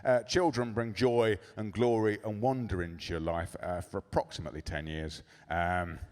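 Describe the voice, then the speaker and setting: A man doing a stand-up comedy set in a club, sardonic and profane with deadpan asides. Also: lowish voice, normal speed.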